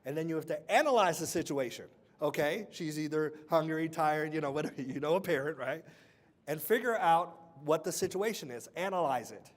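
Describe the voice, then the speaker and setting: A man with a fairly high voice runs a lively workplace training session. He talks straight to the room, tossing out questions and asking people to repeat key words back to him. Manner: quizzes the audience with call-and-response questions. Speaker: workshop speaker. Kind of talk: motivational workshop talk.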